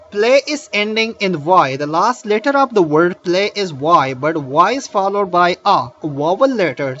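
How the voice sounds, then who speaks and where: A man teaching a grammar lesson, explaining slowly with many fillers and restarts. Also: high voice, a bit bright, dull audio, slight background noise. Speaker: English teacher.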